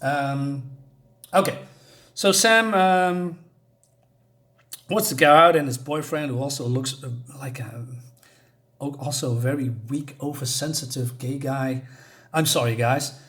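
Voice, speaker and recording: A man's voice: medium pitch, a little slow, pauses often, fairly bright tone, roomy sound. A man giving a casual spoken comic book review, rambling and thinking aloud in a conversational way.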